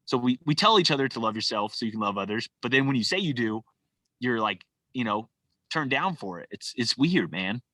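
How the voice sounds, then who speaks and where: A man's voice: medium pitch, lively intonation, fairly quick, bright, forceful tone, no room sound. A man from California, a podcast guest, speaking casually and from the heart, filling his talk with "like" and "man.". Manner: loose and heartfelt, full of "like" and "man". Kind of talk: casual conversation.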